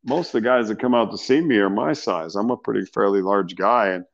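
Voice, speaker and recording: A middle-aged man, a singer, being interviewed, telling stories in a loose, animated way with slang and laughs. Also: fairly low pitch, brisk, gravelly, muffled recording. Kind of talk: casual storytelling interview.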